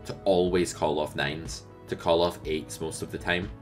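Very deep-voiced male poker coach. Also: moderate pace, soft background music. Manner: lively, asks the viewer rhetorical questions. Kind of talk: poker strategy lesson.

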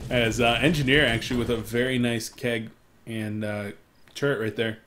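A young man casting a live esports match alone, excitable in fights and stopping to apologize to viewers for his hiccups. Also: brisk, slight background noise. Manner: excitable, rises sharply in loudness and pitch during fights. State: has the hiccups. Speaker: esports caster. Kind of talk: solo live game commentary.

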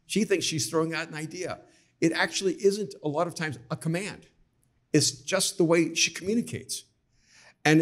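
A middle-aged man telling lively anecdotes as an author guest on a podcast taped live, acting out the people he quotes. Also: fairly high pitch. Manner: animated anecdotes, acts out quoted voices. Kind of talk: conversational storytelling.

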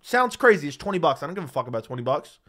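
An MMA commentary host rants on a livestream, heated, profane and emphatic, into a studio dynamic mic. His voice is a little high and a bit bright, very animated, and racing along.

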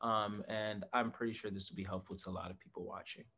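A man's voice: fairly low pitch, level tone, fast, sharp tone, breathy edge. A man talking as a guest in a casual conversation, earnest and reflective, often laughing.

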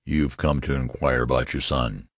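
A man's voice: extremely low pitch, steady tone, normal speed, no echo, clean studio sound, voice pushed down. A man voicing a stern, irritable older college registrar who talks in a curt, scolding way, in an audiobook.

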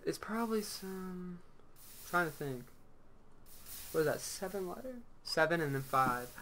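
A man's voice: sits high, expressive, unhurried, pushed and bright, slight background noise. A man hosting a gaming channel, chatting casually over gameplay and telling crude, rambling anecdotes.

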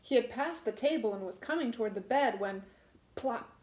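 A woman reading a storybook aloud in an expressive way, relishing the sound words. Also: a little high, normal speed, roomy sound.

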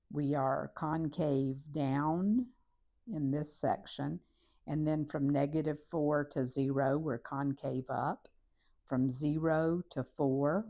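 A woman teaching a recorded math lesson, talking methodically through each step while she works on a graph. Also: deep voice. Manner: steady, methodical, talks through steps while writing.

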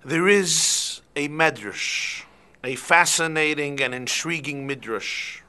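A man, a rabbi, giving an evening class and telling stories in an animated way. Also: mid-range voice, smooth. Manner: animated storyteller. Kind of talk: lecture with storytelling.

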